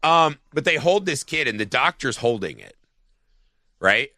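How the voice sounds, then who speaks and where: A man's voice: medium pitch, very animated, a little slow, sharp tone, dry recording, studio quality. A man co-hosting a podcast, talking casually and profanely about a film, rambling with lots of "like". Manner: rambling, profane, heavy use of "like". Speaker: podcast co-host.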